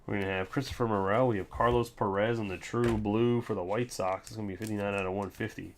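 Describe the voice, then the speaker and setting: A man hosting a trading card break, chatting casually, reading off names in quick lists with sarcastic ranting asides. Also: lowish voice, steady tone, a little hiss or hum. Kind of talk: casual livestream chat.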